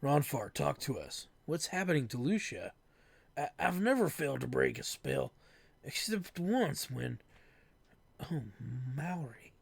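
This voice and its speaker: A man's voice: a little high, sing-song, unhurried, creaky, breathy edge, no echo, full character voice. Man putting on a drawling southern priest. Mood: desperate. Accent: put-on American Southern. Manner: solemn, incanting prayers. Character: brash young male priest with a southern drawl.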